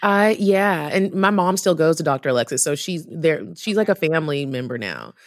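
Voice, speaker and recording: A woman telling a story in casual chat, animated and profane, acting out the voices of people she quotes. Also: low voice, normal speed, dry recording. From Texas.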